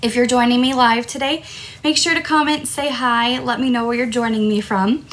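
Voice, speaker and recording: A woman's voice: on the high side, fairly even intonation, moderate pace, a bit bright. A woman hosting a live crafting stream, talking casually and apologizing as a throat tickle keeps making her cough. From Tucson, Arizona. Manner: apologetic, chatty. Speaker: crafting host.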